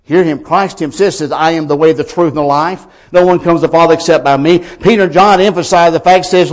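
A man preaching a sermon, emphatic, with swings from quiet lines to loud ones. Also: on the high side, steady tone, a little fast, few pauses.

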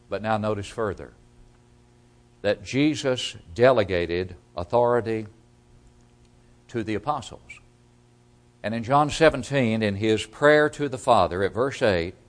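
A male preacher delivering a sermon in an emphatic pulpit style. He leans hard on key words, then drops to a low, quiet close. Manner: emphatic, swings between loud stress and quiet drops.

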